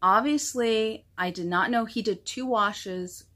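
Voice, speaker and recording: A woman's voice: on the high side, slow, pushed and bright. Chatty, gushing woman host. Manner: chatty, gushing and self-deprecating. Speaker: knitting podcast host. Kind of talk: casual show-and-tell chat.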